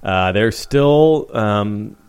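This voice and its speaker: Man, low voice, podcast host, dry sarcastic sports talk, blunt. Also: animated, very slow, gravelly, clean tone. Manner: wry, swearing, trailing off. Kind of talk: casual sports chat.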